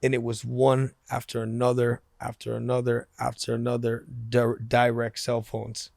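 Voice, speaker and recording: A man's voice: mid-range voice, completely flat delivery, moderate pace, gravelly, a little mellow, no echo, studio quality. A man being interviewed on a podcast, telling stories animatedly and acting out the dialogue, often laughing as he talks. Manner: acts out quoted dialogue in his stories. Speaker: interview guest. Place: podcast studio.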